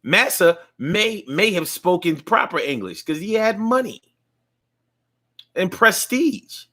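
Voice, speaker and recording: A man's voice: sits high, very animated, slow, sharp tone. A man talking in a casual monologue, rambling along with frequent restarts and fillers.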